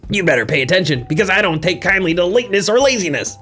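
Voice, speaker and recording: A man's voice: sits high, expressive, fast talker, a bit bright, soft background music. A man voicing a grumpy male prison warden who sneers and insults the prisoners in a game playthrough. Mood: bossy.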